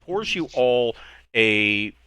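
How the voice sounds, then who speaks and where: A man narrating a tabletop game as game master, halting and hesitant with many fillers. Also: medium pitch, animated, pushed and bright, smooth. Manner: halting, full of fillers and restarts.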